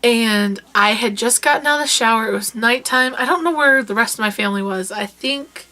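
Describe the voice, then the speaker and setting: A young woman vlogger casually telling personal stories, animated and sometimes breaking into loud yelling as she retells them. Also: a little high, brisk, background noise. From rural United States. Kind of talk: casual storytelling chat.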